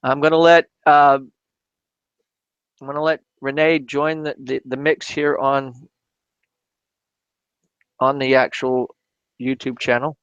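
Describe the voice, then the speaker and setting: Male crafting-stream host, halting and chatty, lo-fi dry sound. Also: mid-range voice, flat delivery, fairly bright tone, smooth, dry recording. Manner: halting, with frequent restarts and repeated words. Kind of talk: casual live-stream chat while crafting.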